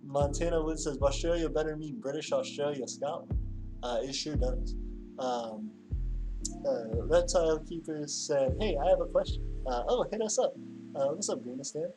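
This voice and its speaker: A man's voice: a little high, normal speed, over music. A man hosting a livestream in casual chat, reading out viewer comments with lots of fillers and restarts. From Louisiana. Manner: rambling, filler-heavy, reads chat aloud. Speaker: livestream host.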